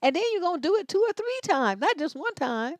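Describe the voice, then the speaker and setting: A woman's voice: very high voice, big pitch swings, a little fast, no echo. Blunt, scolding woman with dry sound. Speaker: advice show host. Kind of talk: livestream advice commentary.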